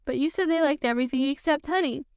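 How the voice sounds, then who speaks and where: A woman voicing a simple, kindly young male bear in a storybook reading, speaking gently and unhurried. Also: sits high, dry recording, studio quality. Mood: gentle.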